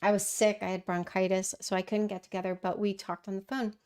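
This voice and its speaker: A middle-aged woman answers viewer questions on her casual livestream, speaking fairly quickly in a smooth, darkish mid-range voice with little pitch movement. She's thoughtful, though she often uses fillers and restarts.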